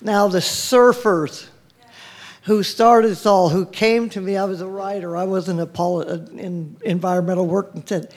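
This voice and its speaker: A woman's voice: mid-range voice, fairly even intonation, normal speed, a little mellow. A woman giving a rambling, heartfelt thank-you speech at a public board meeting, often breaking off mid-word. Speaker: environmental group leader thanked at a public meeting.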